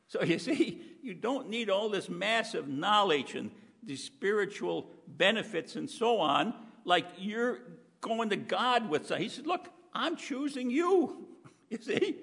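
A man preaching a sermon in a folksy, conversational way, often clearing his throat. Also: on the high side, bright, forceful tone, long reverb tail.

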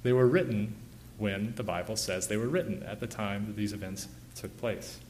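A man in his thirties giving an informal illustrated lecture, relaxed, with many "uh" and "you know" fillers. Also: fairly low pitch, normal speed, slight background noise.

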